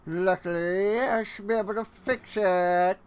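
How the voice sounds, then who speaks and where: A streamer voicing a smug, scheming old cartoon villain with a slow, drawn-out, self-satisfied delivery. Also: medium pitch, fairly even intonation, a little hiss or hum, voice pushed up, lightly acted.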